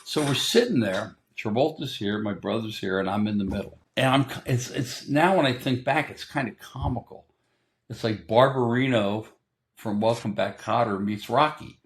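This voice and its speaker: An older man, a guest in an interview, telling a story in a casual, animated way and acting out what other people said. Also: mid-range voice, normal speed.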